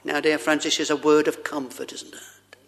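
A man's voice: on the high side, flat delivery, moderate pace, fairly bright tone. A man preaching a sermon, addressing the congregation with rhetorical questions and old-fashioned scripture wording.

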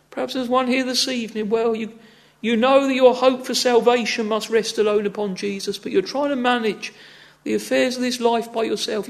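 Male preacher with a strikingly high, fry-tinged voice, earnest and exhorting in the pulpit. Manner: earnest, exhorting, with frequent "ah, friends" and "oh". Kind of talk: sermon.

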